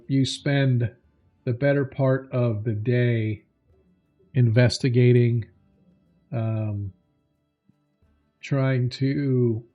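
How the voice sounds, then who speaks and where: A man narrates a tabletop game as game master, taking his time with plenty of pauses and fillers. His voice is dark and mellow, and faint music plays behind him. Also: medium pitch. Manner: slow, relaxed, halting with many fillers.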